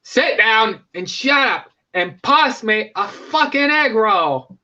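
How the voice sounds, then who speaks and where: A man acts out a hot-tempered brute losing patience and barking out his demands. The voice climbs above his normal pitch and sounds exasperated. The recording is dull and lo-fi. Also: animated, takes it slowly, sharp tone, exaggerated voice. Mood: fed up.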